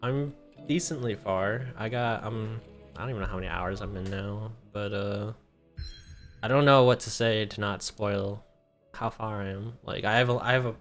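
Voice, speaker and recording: A man chats casually while streaming a video game, joking with a friend and laughing a lot. His voice sits slightly low. Faint music runs beneath the talk. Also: normal speed. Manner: laughs often, chatty and playful. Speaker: gaming streamer.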